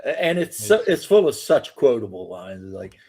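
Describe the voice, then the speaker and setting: A man's voice: medium pitch, big pitch swings, normal speed, dark tone, breathy edge. A man hosting a casual live chat, laid-back, swearing freely and laughing often. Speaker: host.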